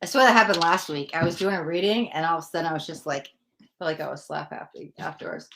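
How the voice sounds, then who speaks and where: A woman's voice: deep voice, quick pace, gravelly, background noise. A woman hosting a live tarot stream who chats casually with viewers, often giggling and poking fun at herself. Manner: giggly, chatty, self-deprecating. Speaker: livestream tarot reader. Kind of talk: casual livestream chat.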